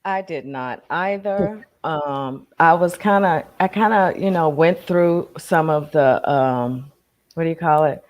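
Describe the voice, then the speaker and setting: A woman co-hosting a casual live stream, relaxed and slangy with plenty of fillers. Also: sits low, a little slow. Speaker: co-host.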